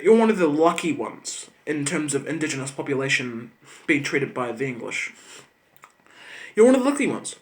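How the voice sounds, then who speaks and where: A man with a New Zealand accent rants to camera. He is profane and sarcastic, and his voice sits slightly high for a man. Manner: angry, profane, sarcastic ranting. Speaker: channel host. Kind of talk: ranting vlog monologue.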